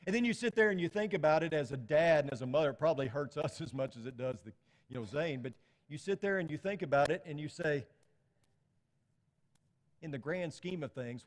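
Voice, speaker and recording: A middle-aged man preaching a sermon as pastor, talking to the congregation conversationally with rhetorical questions. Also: on the high side. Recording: long hall reverb.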